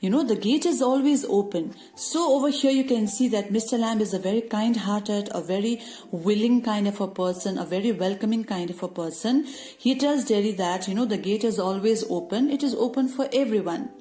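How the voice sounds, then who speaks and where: A woman teacher patiently explaining a story summary to students, often pausing with "you know". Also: medium pitch, dark tone, faint music behind.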